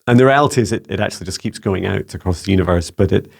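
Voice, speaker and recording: A Scottish man with a low, creaky voice acts as a spiritual mentor, answering viewer questions in a casual video. He speaks gently and soothingly, often halting and repeating himself.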